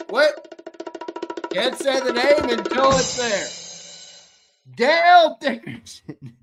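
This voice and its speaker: A man hosting a live fan stream, his voice jumping all over the place as he chats loosely with viewers. He takes his time between lines, then erupts into loud shouts when calling a winner. He swears freely in casual banter. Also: on the high side. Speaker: sports show co-host. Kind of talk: live-stream chat, running a giveaway shuffle.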